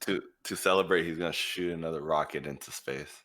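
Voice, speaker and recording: A man's voice: extremely low pitch, steady tone, a little fast, fairly bright tone. A man co-hosting a casual podcast, tossing in joking, playful asides. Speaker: podcast co-host.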